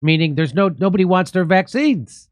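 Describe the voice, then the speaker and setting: A male host with a fairly high, very lively voice delivers mocking, sarcastic commentary. His speech is close and dry, with no room sound. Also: moderate pace, no echo. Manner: mocking, animated, sarcastic asides. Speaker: show host.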